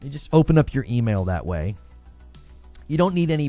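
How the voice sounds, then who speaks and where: Over faint music, a gaming streamer reads chat and casually jokes with his audience about slang, laughing often and quoting it in mock-tough voices. His warm, medium-pitched voice is sing-song at a moderate pace, with no echo.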